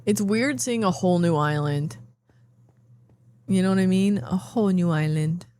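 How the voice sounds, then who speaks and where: A tired woman streamer rambling and thinking out loud as she plays a game, with playful asides. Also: fairly low pitch, normal speed. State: yawning, tired. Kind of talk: casual gameplay commentary.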